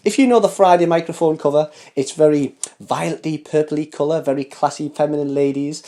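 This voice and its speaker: Guy hosting a fashion vlog, playful and camp, teasing his viewers, warm mellow voice. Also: on the high side, steady tone, brisk. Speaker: fashion show host. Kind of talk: casual chat to camera. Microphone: studio microphone with foam cover.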